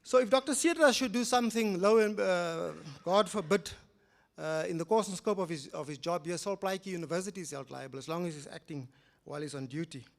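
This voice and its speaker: High-voiced older South African man lecturing. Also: fairly quick, gravelly. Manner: animated, swings between loud emphatic rises and quiet low asides. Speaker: judge giving a public lecture. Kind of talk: public lecture, storytelling. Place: lecture hall.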